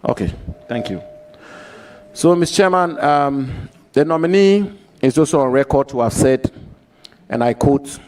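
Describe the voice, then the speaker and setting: A man questioning a nominee at a formal parliamentary hearing, deliberately quoting the record and repeating his points for emphasis. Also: medium pitch, a little mellow, rough recording. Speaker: committee member questioning a nominee.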